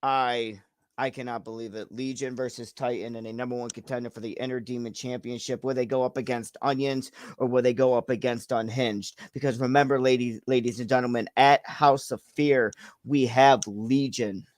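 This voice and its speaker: A man's voice: medium pitch, fairly even intonation, no room sound. Hyped-up man announcing wrestling matches. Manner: showman, drawn-out hype, pausing for effect. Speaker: host and announcer of a storytelling wrestling show. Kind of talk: wrestling announcement and live read-aloud.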